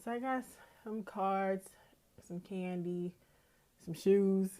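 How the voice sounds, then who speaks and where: A woman's voice: medium pitch, slow, warm tone. A woman, hosting her own podcast in an easygoing, chatty way and laughing often. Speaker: podcast host. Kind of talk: casual chat.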